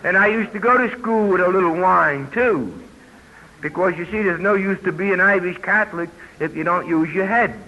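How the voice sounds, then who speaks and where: A man's voice: high-pitched, normal speed. An older man, speaking at a recovery convention and telling his story in a plainspoken way with folksy asides. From New York. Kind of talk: personal testimony talk. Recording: muffled old tape with hiss.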